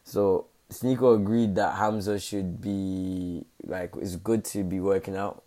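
A young man rambles through a casual commentary, full of slang and tag questions. His voice sits low and sounds dark and mellow. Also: steady tone, takes it slowly. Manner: rambling, slangy, fillers like innit. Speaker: content creator.

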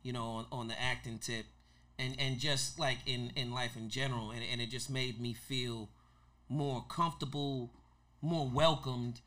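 A young man telling a story, loud and laughing, shouting his punchlines. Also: medium pitch, fairly even intonation, moderate pace. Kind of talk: animated storytelling with impressions.

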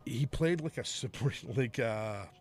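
Man, middle-aged, podcast host, casual storytelling, profane, laughs a lot, mid-pitched voice. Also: a little slow, a little mellow, faint music behind. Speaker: podcast host, former wrestler. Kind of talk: casual chat.

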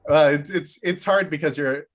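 A man co-hosting a podcast and chatting casually as a game master, halting with frequent restarts and filler words. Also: a little high. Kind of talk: casual chat.

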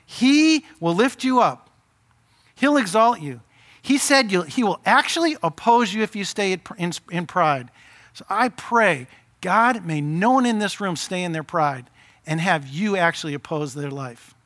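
A male pastor delivers a sermon with impassioned urgency, his voice rising to emphatic peaks. His tone sits high and bright, with a sharp forward edge. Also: expressive, normal speed.

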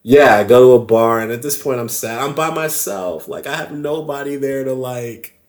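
A man telling a story as a podcast guest, animated and loose, acting out the other people's voices and laughing often. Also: medium pitch, normal speed. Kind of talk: casual storytelling.

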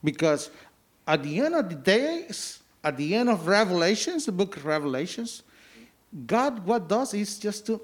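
Lively, higher-voiced man explaining. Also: normal speed. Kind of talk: casual discussion on religion.

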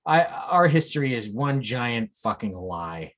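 A man's voice: mid-range voice, big pitch swings, unhurried, a bit bright. A man in casual conversation, speaking bluntly and swearing often. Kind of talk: casual chat.

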